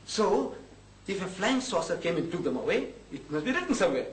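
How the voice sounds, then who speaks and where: A man's voice: high voice, a little fast, distant mic. An older man from South Africa giving a public lecture, telling stories animatedly and acting out dialogue with frequent laughs. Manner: animated storytelling, acts out dialogue, laughs often. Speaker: lecturer on religion. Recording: echoey hall, heard from afar.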